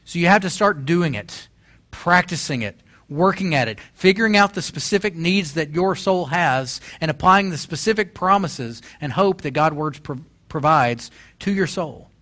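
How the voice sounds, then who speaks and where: A man's voice: a little high, animated, normal speed, fairly bright tone. A man in his forties preaching a sermon as pastor, telling stories and building to emphatic exhortation. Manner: storytelling, rising to emphatic exhortation.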